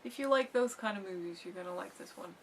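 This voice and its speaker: A woman with a mid-pitched voice joins a relaxed film review chat as co-host. She talks playfully and loosely, scattering fillers through her sentences. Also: fast, background noise. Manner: chatty, playful, lots of fillers.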